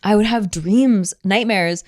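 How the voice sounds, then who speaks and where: A woman's voice: medium pitch, slow, darkish tone. A woman podcast co-host in casual chat, rambling with lots of fillers and the odd curse. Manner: rambling, with frequent fillers and profanity.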